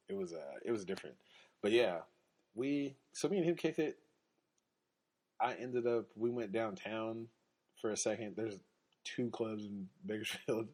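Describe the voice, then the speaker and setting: A man's voice: on the low side, a little mellow. A man hosting a podcast, telling a casual story in a laid-back way, laughing often and acting out quotes. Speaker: podcast host.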